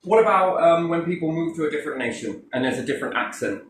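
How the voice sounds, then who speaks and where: A man hosting a casual chat, rambling and swearing now and then, often checking in with a quick "yes?". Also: a little high, lively intonation, fairly bright tone. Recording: echoey room, faint noise.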